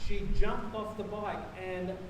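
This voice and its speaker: A man's voice: sits high, level tone, slow pace, noisy background. A man from Australia preaching a sermon as pastor, telling a personal story in a chatty way and correcting himself as he goes. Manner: anecdotal, conversational with self-corrections. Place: church. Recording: echoey church, mic from far off.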